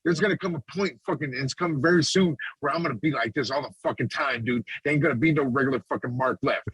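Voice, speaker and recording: A man's voice: medium pitch, fast talker, fairly bright tone, breathy edge, no echo, poor audio. A man co-hosting a podcast, talking in a fired-up, profane, preachy way. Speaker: podcast co-host. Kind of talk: casual podcast chat.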